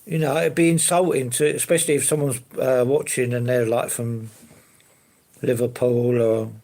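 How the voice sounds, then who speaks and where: Gravelly man chatting live. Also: mid-range voice, flat delivery, moderate pace, darkish tone. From London. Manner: easygoing, rambling, fillers and hedges like to be honest. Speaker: live streamer. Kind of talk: casual live chat answering viewers.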